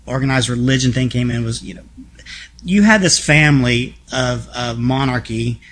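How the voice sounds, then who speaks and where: A man telling stories as a guest on an interview podcast, feisty and frank with a quick sense of humor. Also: mid-range voice, a bit bright. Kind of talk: casual storytelling conversation.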